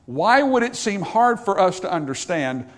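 A man preaching a sermon, emphatic, rising to loud, raised passages and dropping to quiet asides, reading scripture in old-fashioned wording. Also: high voice, sing-song, normal speed.

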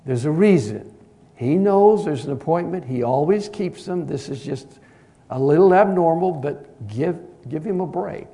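A preacher voicing a church secretary, speaking softly and patiently to calm someone. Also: male voice, a little high, measured pace, voice pushed up. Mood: soothing. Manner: soothing, patient, soft. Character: calm middle-aged woman, church secretary.

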